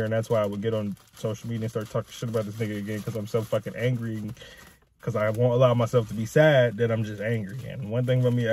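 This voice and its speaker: A young male vlogger with a mid-range, dark-toned voice vents to camera in a raw, profane rant that rambles and goes in circles. It's an emotional personal outburst, recorded with no room sound.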